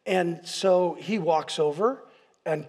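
Husky high-voiced preaching man. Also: slow. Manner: impassioned preaching, building to loud peaks; storytelling with frequent restarts and repeated words. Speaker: pastor. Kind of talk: sermon. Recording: long hall reverb.

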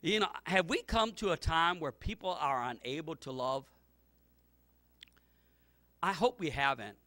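A man preaching a sermon, rambling in asides and rising to fervent near-shouts as he retells scripture. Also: fairly high pitch, expressive, normal speed, pauses often, dry recording. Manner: loose, rambling asides with repeated words. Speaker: pastor.

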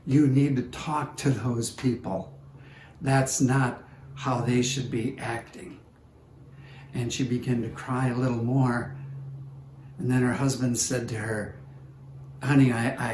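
A man's voice: mid-range voice, darkish tone. A man preaching a sermon as pastor, telling a story unhurriedly and voicing the people in it. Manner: unhurried storytelling with quoted voices. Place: church service recording. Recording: roomy echo with faint background noise.

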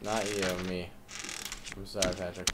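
A man's voice: sits low, level tone, measured pace, a bit bright. A young man chatting casually and teasing a friend while they play a game together. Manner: teasing, laughing, swearing. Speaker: gamer. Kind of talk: casual multiplayer gaming chat.

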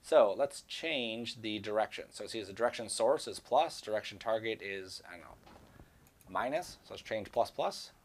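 A man giving a screen-recorded software tutorial, talking casually and rambling to himself as he works. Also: on the low side, expressive, moderate pace, slightly rough. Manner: casual, rambling, talks to himself while working. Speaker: 3D software instructor.

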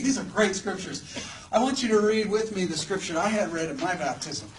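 A man's voice: high voice, lively intonation, fairly quick. A man preaching a sermon to a live audience in a church hall, conversational and joking, often putting questions to the listeners. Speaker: preacher at a campus ministry gathering. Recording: distant mic with faint background noise.

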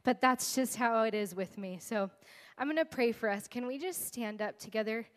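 A high-voiced woman preaches and prays, earnest and a little tearful. Her talk is chatty and warm-hearted, full of fillers and heartfelt asides. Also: moderate pace. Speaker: guest speaker and worship leader. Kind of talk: sermon with spoken prayer.

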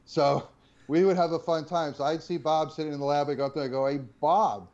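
A man in his sixties from New Jersey, a former game designer telling stories in an interview, animated and full of jokes. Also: a little high, fast. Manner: animated, joking, punchline-driven. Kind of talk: storytelling interview. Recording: slightly dull lo-fi audio.

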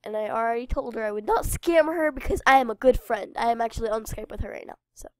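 A woman's voice: a little high, quick pace, no echo, studio quality. A woman with a cold and a stuffy nose, chatting casually to viewers as she plays and talks through a game. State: congested with a cold. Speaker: game channel host. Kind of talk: casual gameplay commentary.

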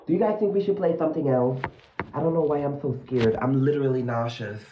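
With a medium-pitched voice and a quick pace, a livestream host at home in a dim room at night gushes at his viewers, dramatic and jittery, his phone propped on a mirror. The audio is echoey, dull and lo-fi, with slight background noise.

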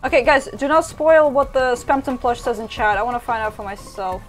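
A woman streaming a video game live, reacting loudly and often while she plays. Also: fairly high pitch, fairly quick. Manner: excitable, frequent exclamations while playing. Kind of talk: live gameplay commentary. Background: game music.

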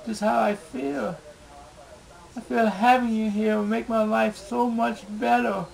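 Man, home video diary, halting and pleading, high gravelly voice. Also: steady tone, a little mellow, low-quality recording. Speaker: video blogger. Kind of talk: emotional personal video diary.

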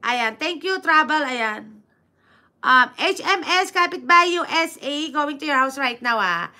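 A woman with a Filipino accent hosting a casual livestream, reading viewer comments aloud and answering them in halting English mixed with Tagalog, with many fillers. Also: high-pitched, animated, pushed and bright. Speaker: livestream host.

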